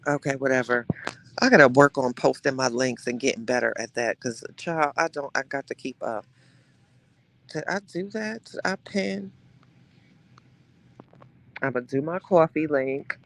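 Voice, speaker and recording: A man hosting a live-streamed gossip show, chatting casually with his viewers in an animated, dramatic way and dropping into hushed asides. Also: mid-range voice, unhurried, gravelly, long pauses, a little hiss or hum.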